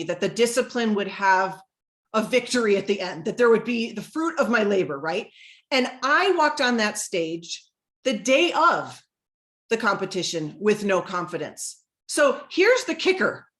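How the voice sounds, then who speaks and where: A middle-aged woman leads a live motivational talk, sharing a personal story and performing the quoted lines in a higher voice. Her tone is a bit bright.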